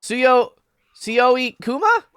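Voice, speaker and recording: A man's voice: very high voice, big pitch swings, extremely slow, fairly bright tone, clear, resonant tone, dry recording. A man streaming games in a casual, playful chat, giggling and greeting viewers by name. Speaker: game streamer.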